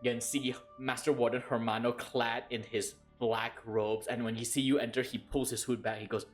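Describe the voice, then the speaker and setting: Calm male game master narrating. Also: medium pitch, moderate pace. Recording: faint background music.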